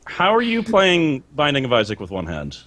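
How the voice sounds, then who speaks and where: Wry male co-host, animated pitch, dry close sound. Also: normal speed, no room sound. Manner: sarcastic and wry. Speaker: podcast co-host. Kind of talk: casual gaming chat.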